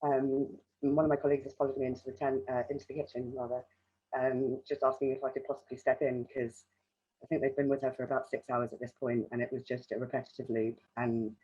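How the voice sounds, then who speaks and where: Husky-voiced woman telling a festival story. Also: a bass voice, fast, muffled recording. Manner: frequent ums, relaxed storytelling. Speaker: festival welfare worker. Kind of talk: storytelling at a panel talk.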